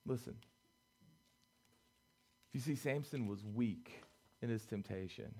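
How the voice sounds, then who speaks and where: A young man preaching a youth sermon, swinging between loud pleading and quiet, low talk. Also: takes it slowly, vocal fry. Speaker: youth pastor.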